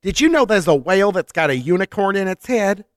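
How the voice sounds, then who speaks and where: A man co-hosting a podcast in casual comedic chat, deadpan and playful. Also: sits high, fairly quick, no room sound, clean studio sound. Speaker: podcast co-host.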